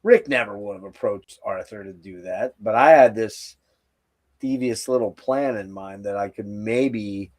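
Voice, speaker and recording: A man's voice: fairly low pitch, a little slow, a little mellow. A man hosting a podcast, telling a rambling, profane, jokey story in casual chat. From Philadelphia area, United States. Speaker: podcast host.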